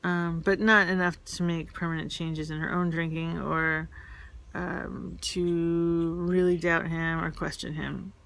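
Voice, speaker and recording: A woman from New York tells candid personal stories in a casual, rambling way. Her voice is gravelly and her pitch stays flat and even. She halts often, with fillers and restarts. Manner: candid, confessional.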